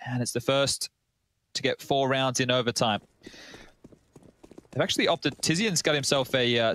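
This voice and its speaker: An Australian man giving relaxed, analytical colour commentary on an esports match. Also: medium pitch, a little hiss or hum.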